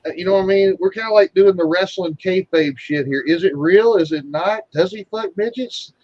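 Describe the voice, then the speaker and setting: A man's voice: high-pitched, brisk, no room sound. Foul-mouthed rambling man, lo-fi recording. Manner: crude, rambling, swears constantly. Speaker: guest being interviewed. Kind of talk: casual chat. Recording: dull, dry lo-fi sound.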